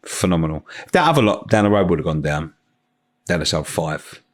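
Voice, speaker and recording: A man's voice: low voice, brisk. A man, a podcast guest telling stories in casual chat and swearing freely. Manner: animated storytelling, swears freely.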